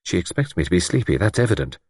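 A man voicing a sharp-witted young woman, her tense inner thoughts and a put-on drowsy voice, in a storybook reading. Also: low-pitched, big pitch swings, quick pace, husky, no echo, clean studio sound, heavily acted. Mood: tense thinking.

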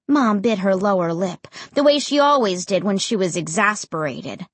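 A woman narrating a first-person storybook with an expressive, dramatic reading. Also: mid-range voice, moderate pace, hardly any pauses, breathy edge, dry recording. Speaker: audiobook narrator.

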